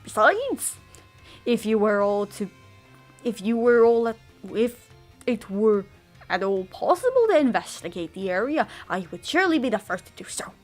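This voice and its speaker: A woman's voice: a little high, lively intonation, normal speed, soft background music, lightly acted. A woman voicing a prim, pompous history teacher in a stilted made-up accent. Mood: lecturing.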